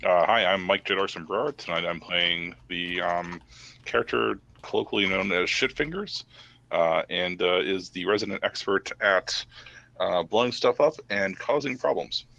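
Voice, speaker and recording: A man's voice: low-pitched, normal speed, gravelly, sharp tone. A wisecracking man playing in an online tabletop game, on a computer mic over a voice call. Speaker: player. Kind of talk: casual tabletop game chat.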